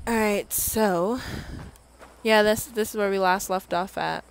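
A woman's voice: medium pitch, a little slow, a little hiss or hum. A young woman streaming a game, ranting at it in frustration with laughs and sighs. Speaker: gaming streamer. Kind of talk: casual let's play commentary. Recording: game music playing behind. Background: game music.

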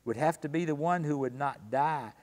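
A man teaching a Sunday school Bible study, explaining calmly and slowing down to read scripture passages with emphasis. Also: a little high, long reverb tail. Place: church room.

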